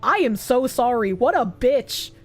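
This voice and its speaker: A young woman streamer chatting casually and reading out donations, animated and swearing freely. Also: fairly high pitch, measured pace, soft background music.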